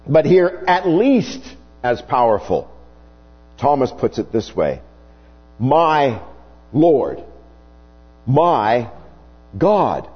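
A male preacher with a husky voice delivers a sermon unhurriedly, his pitch swinging widely for emphasis. A long reverb trails each phrase through the hall, and the dull, lo-fi audio carries a faint mains hum underneath.

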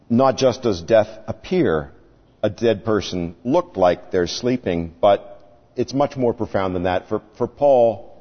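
Lively dramatic male preacher in a hall. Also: mid-range voice. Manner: dramatic, acts out the people in the story. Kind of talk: sermon. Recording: dull sound with long reverb.

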